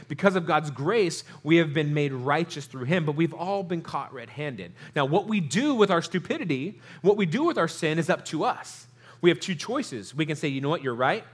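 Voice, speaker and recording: A man preaching a sermon in a conversational way, acting out the people in the story and asking the audience questions. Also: a little high. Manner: animated, acts out quotes in character voices. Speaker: pastor.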